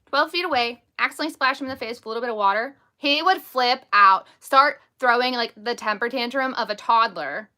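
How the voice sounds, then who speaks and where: Bright-voiced blunt woman live-streaming. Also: on the high side, fairly quick, few pauses. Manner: blunt, emphatic, defiant; heavy use of "like" and "over the top". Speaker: host and stepmother. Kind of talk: casual live-stream storytelling.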